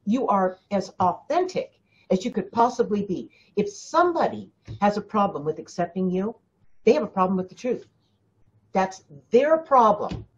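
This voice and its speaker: A woman's voice: medium pitch, sing-song, normal speed, dull audio. A woman hosting a spiritual coaching talk, speaking emphatically to her listeners, often repeating herself and addressing them directly. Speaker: spiritual teacher and host.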